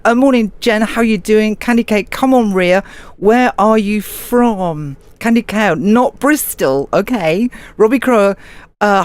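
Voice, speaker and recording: Older English woman, live show host, reads comments aloud and answers with easy teasing chat. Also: mid-range voice. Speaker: radio show host reading listener messages.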